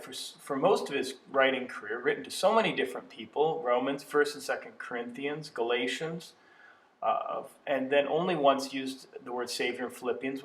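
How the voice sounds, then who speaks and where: A man teaches a recorded lesson at a middle pitch, measured and explanatory, leaning on key words by slowing down. He sits back from the microphone, and his voice rings around a roomy, echoing space. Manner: measured, explanatory, slows to stress key terms. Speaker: teacher of biblical studies. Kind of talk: educational video lecture. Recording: echoey room, mic at a distance.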